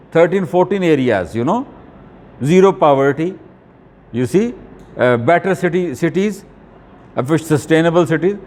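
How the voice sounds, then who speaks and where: A man giving an academic video lecture, talking deliberately with frequent fillers and restarts. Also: on the high side, darkish tone, big-room sound.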